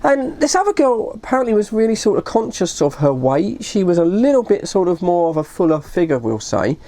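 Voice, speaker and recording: Chatty woman, lively rambling story. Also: fairly low pitch, a little fast. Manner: rambling, self-correcting, often says "you know". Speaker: vlogger. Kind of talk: casual storytelling.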